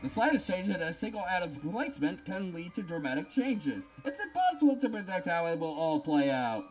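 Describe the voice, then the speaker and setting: A man's voice: sits high, big pitch swings, fairly quick, soft background music, voice pushed up, poor audio. A man voicing an arrogant, brainy young female scientist who lectures and talks down to others, reading a game script aloud. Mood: condescending. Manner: condescending, lecturing.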